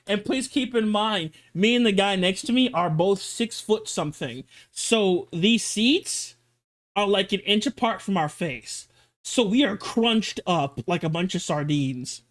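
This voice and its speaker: A man streaming live, reacting to a video and telling animated stories in casual chat. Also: high-pitched. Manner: animated storytelling, swings between fast and drawn-out.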